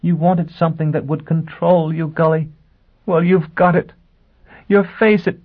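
A male reader voicing a tense, scornful young woman who speaks quietly and cuttingly in an audiobook. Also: mid-range voice, normal speed, slightly rough, pitched above the performer's own voice, natural voice. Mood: hysterical. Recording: tinny phone-like sound.

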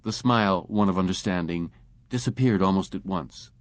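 A man reading a science fiction story aloud as an audiobook narrator, in a measured way. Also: low-pitched, dry recording. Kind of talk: scripted narration.

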